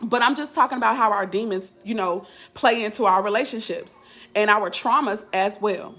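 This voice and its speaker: A woman's voice: medium pitch, moderate pace, sharp tone, faint music behind. A woman life coach chatting casually on a live stream, candid and blunt in loose, slangy talk.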